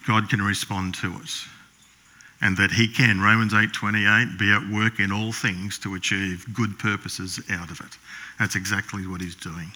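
A male pastor, preaching a sermon in a storytelling way, acting out the characters' lines in a hushed voice and often clearing his throat. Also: fairly low pitch.

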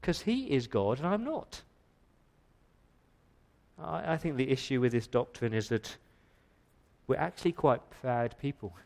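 A man's voice: medium pitch, lively intonation, unhurried, creaky, pauses often, a little mellow. Man preaching an emphatic sermon. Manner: emphatic preaching with rhetorical questions and stumbling repeats. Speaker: pastor. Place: church.

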